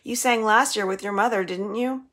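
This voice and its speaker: A woman's voice: medium pitch, normal speed, fairly bright tone, voice pushed up, lightly acted. Woman doing a spoiled taunting rich girl. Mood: bossy. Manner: taunting, mock-sweet.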